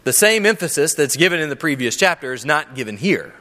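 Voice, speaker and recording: A man's voice: fairly high pitch, sing-song, fairly quick, sharp tone. A man preaching a sermon to a congregation in a church, earnest and emphatic, asking rhetorical questions. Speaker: pastor. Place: church sanctuary with a live audience. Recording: long hall reverb.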